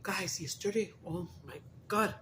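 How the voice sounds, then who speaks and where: A woman's voice: fairly low pitch, unhurried, a bit bright, slight background noise, poor audio. An older woman chatting casually to viewers while she eats, mixing English and Spanish and calling to her pets. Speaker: mukbang vlogger. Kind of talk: casual chat while eating. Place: home.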